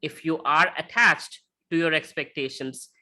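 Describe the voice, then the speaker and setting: A man giving a lecture with slides, talking conversationally and often checking in with a quick "right?". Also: on the high side, sharp tone. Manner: tells illustrative stories.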